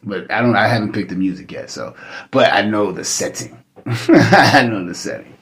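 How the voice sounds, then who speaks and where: A man's voice: fairly low pitch, animated, moderate pace, fairly bright tone. A man hosting a podcast in casual chat, joking, laughing often and swearing freely. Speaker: podcast host.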